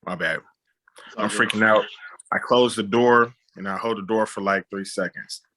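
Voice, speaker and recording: A man's voice: on the low side, normal speed, sharp tone. A man, a film director, telling a personal story on a podcast, acting out sound effects and often saying "you know what I'm saying".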